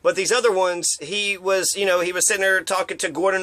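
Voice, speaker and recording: Guy ranting casually and swearing a lot, kinda high voice, dry close sound. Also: little pitch movement, fast talker, hardly any pauses, pushed and bright, no room sound. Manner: rambling, profane, acts out quotes in mocking voices. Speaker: commentator. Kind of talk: casual opinion monologue.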